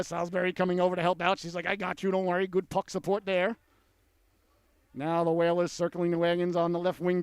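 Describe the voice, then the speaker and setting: A man calling a youth hockey game play by play, folksy and joking with the listeners, bursting into excited shouts on big chances. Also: sits high, clear, resonant tone, no room sound. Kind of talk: sports commentary.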